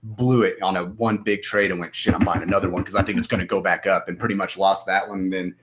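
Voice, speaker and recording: Low-voiced man, rambling. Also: steady tone, fast, a bit bright. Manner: rambling, acts out his own inner voice. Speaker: podcast guest, trader. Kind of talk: casual podcast chat.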